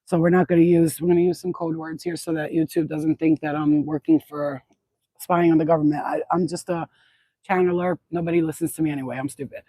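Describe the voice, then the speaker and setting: A woman's voice: low voice, fairly even intonation, fairly quick, dark tone, no echo, poor audio. A woman channeler chatting outdoors in a yard into a phone, rambling, blunt and swearing freely in a casual spiritual vlog.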